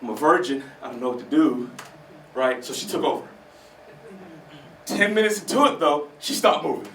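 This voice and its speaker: Chatty stand-up comic with a lively high voice. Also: male voice, moderate pace, slight background noise. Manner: conversational, laughs at his own jokes. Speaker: stand-up comedian. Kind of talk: stand-up comedy set. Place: small theater stage. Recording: roomy small theater, mic from far off.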